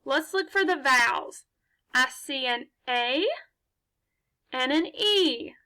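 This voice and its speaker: Over a laptop mic, a woman teaches phonics to young children in a high, bright voice with lively intonation. She goes slowly and patiently, encouragingly asking questions and then answering them herself.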